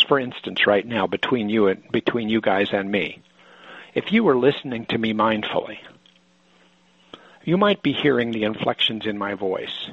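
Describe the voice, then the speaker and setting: A man's voice: medium pitch, lively intonation, moderate pace, husky, dry recording. A man training therapists, giving a thoughtful lecture to a group and often restarting his sentences. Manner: thoughtful, explanatory, with frequent restarts. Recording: dull lo-fi sound.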